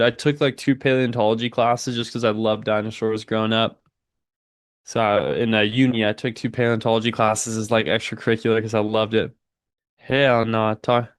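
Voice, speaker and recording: A young man in his twenties talks casually on a live trading stream. His voice sits at an ordinary middle pitch and is recorded close and dry. He tosses in slang and a steady stream of "dude" between market calls. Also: smooth, no room sound. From United States. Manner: laid-back slangy, says "dude" a lot, reads chat aloud. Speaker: livestream trading host. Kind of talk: casual livestream chat and market commentary.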